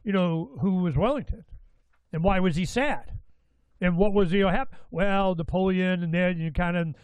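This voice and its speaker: Excitable man rambling as show host, dry sound. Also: high-pitched, normal speed, clear, resonant tone, no echo, rough recording. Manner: rambling, excitable, many restarts and asides. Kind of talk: casual talk-show monologue.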